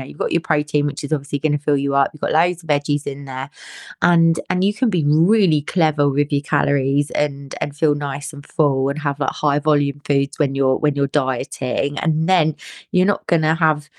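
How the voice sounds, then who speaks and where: A woman co-hosts a relaxed podcast chat as a fitness coach, with a fairly low voice. She talks in a chatty, animated way, often restarting her phrases. The recording is close and dry. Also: dry recording. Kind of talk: casual chat.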